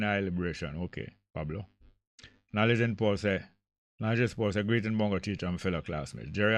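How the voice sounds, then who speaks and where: Older jamaican man, radio host, low voice, dry studio sound, reads messages and argues back. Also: fairly bright tone, smooth, no room sound. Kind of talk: casual call-in radio talk.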